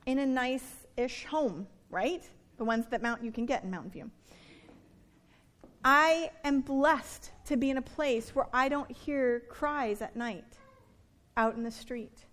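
A woman preaching with a high, light voice. She talks to her congregation in a loose, conversational way and drops playful asides into her teaching. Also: slow pace, fairly bright tone. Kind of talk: sermon.

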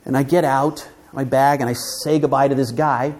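A man telling a personal story from the pulpit as guest speaker, lively and vivid, with frequent restarts. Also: medium pitch, normal speed. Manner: animated, vivid retelling with restarts. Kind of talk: storytelling sermon. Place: church.

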